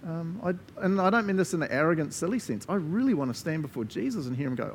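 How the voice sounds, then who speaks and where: A man's voice: fairly high pitch, lively intonation, fast talker, hardly any pauses, background noise. A man preaching a sermon as a pastor, earnest and conversational, laughing often between asides.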